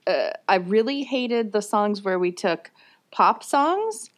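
A woman in her forties co-hosting a casual chat, telling animated stories and laughing often. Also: medium pitch, takes it slowly. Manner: laughs often, animated storytelling with sung bits. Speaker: podcast co-host.

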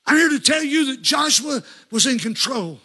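A man's voice: very high voice, animated, normal speed, pushed and bright. A man preaching a sermon, telling folksy stories and rising to fervent calls to the congregation.

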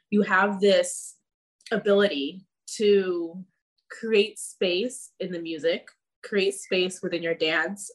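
A woman who teaches belly dance, chatting casually on a podcast, leaning on filler words and laughing often. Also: fairly low pitch.

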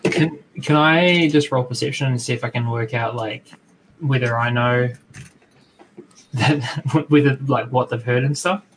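A man's voice: medium pitch, measured pace, noisy background. A man playing a tabletop game, talking in a laid-back, hesitant way. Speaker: player.

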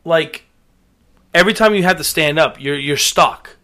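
A man with a fairly high voice joins in on a casual chat, filling in details with loose, profane talk. His delivery is easygoing and conversational. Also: moderate pace, pushed and bright. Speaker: podcast co-host.

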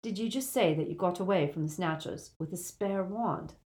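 A woman voicing an earnest, steady teenage wizard who speaks in a plain, level way. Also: lowish voice, moderate pace, natural voice. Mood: probing.

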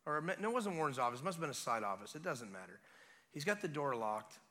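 A man preaching a revival sermon as guest preacher, retelling a scene in an animated way with casual asides. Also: a little high, quick pace. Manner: animated storytelling, acting out scenes; conversational asides.

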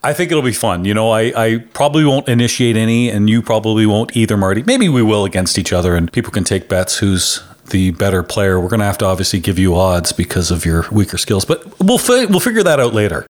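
A man's voice: on the low side, animated, fairly quick, hardly any pauses. A man from Canada co-hosting a pinball podcast in casual banter, teasing his co-host and laughing often.

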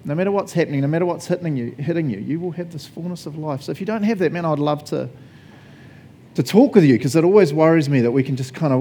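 A man's voice: fairly high pitch, fast, mellow, slight background noise. A male pastor preaching a sermon conversationally, laughing often and asking the congregation questions.

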